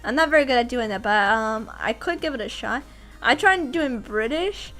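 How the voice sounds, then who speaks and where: A woman voice actor chatting casually on a livestream, animated, laughing often and restarting sentences. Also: a little high, normal speed, faint music behind. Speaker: voice actor and streamer.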